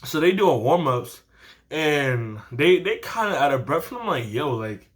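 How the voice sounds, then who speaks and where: A teenage boy casually telling a story time to his channel, animated and slangy, laughing often. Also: fairly high pitch, normal speed. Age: teens. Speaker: vlogger.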